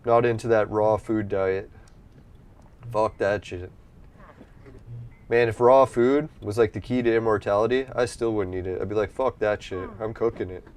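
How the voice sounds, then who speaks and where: A man's voice: lowish voice, steady tone, moderate pace, pauses often, darkish tone, smooth. A man casually commenting while playing an online game, rambling and swearing freely, with a slightly stuffy nose from allergies. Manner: rambling, profane, easygoing. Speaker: gameplay streamer.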